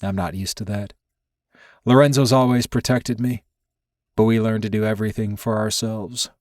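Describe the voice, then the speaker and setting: Male reader doing a deep, quiet, dominant wounded man; firm and clipped, dry booth sound. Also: normal speed, no room sound, lightly acted. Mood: low, commanding. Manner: calm, firm, clipped commands.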